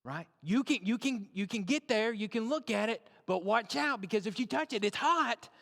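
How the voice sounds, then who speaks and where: A man's voice: high voice, lively intonation, moderate pace, vocal fry, a bit bright, long reverb tail. A man preaching a sermon in a conversational way, often checking in with his listeners. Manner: conversational, repeats and checks in with "right?". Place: church.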